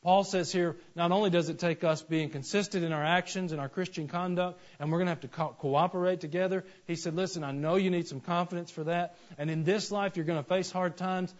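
A man, preaching a sermon and telling stories with animated acted-out voices. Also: fairly high pitch. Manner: animated storytelling, acts out voices in anecdotes. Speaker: pastor. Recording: dull lo-fi sermon recording.

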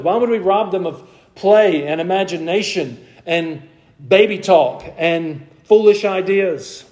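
A man's voice: high-pitched, measured pace, darkish tone. A male pastor giving an expository sermon, reading long scripture passages aloud and then explaining them with rhetorical questions. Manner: asks the congregation rhetorical questions.

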